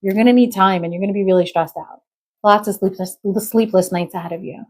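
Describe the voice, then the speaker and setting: A woman's voice: mid-range voice, steady tone, fast. A woman giving a live tarot reading in a chatty, exclamatory way, often checking in with "okay?". She says she is not feeling well. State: unwell. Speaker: tarot reader.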